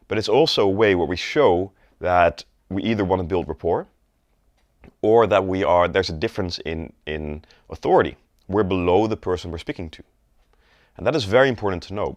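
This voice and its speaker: A man teaching sales technique in an instructional video, demonstrating rising, flat and falling tones in his examples. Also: sits low, dry recording. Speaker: sales coach.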